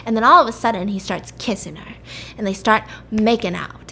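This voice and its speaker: A woman's voice: mid-range voice, brisk, slight background noise. A woman host retelling a story in a chatty, casual way, full of "like" and asides. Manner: chatty, lots of "like", animated retelling. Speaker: podcast host.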